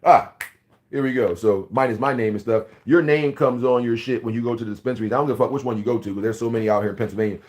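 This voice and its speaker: A man's voice: mid-range voice, rapid-fire, a little mellow. A man in his forties from Philadelphia, with a Philadelphia accent, ranting bluntly and profanely in a casual video monologue. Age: 40s. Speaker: vlogger.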